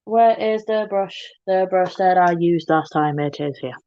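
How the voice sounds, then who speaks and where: Her voice is low, warm and a little slow, captured in lo-fi sound with slight background noise. She's a makeup livestream host who chats casually and pokes fun at herself while working.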